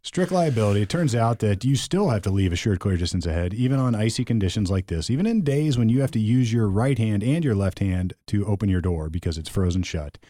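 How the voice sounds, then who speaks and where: A man's voice: lowish voice, lively intonation, fairly quick, few pauses, warm tone, no echo. A man, co-hosting a podcast in easygoing casual chat and telling stories. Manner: storytelling, easygoing, chuckles.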